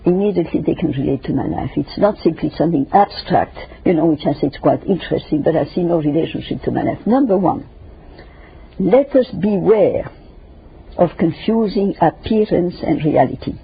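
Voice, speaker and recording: An older woman guest in an interview discussion, speaking emphatically and lecturing in numbered points with a raspy, gravelly voice. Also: fairly low pitch, expressive, normal speed. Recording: dull lo-fi radio recording.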